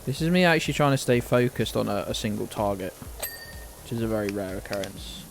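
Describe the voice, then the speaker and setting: A man's voice: lowish voice, animated, brisk, creaky, music in the background. A British man chatting casually on a live game stream, rambling, laughing often and talking to his dog. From United Kingdom.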